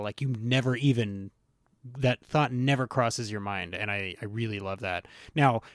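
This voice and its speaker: A man hosting a podcast in casual chat, rambling and interrupting himself with lively asides. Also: lowish voice, no room sound, studio quality. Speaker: podcast host.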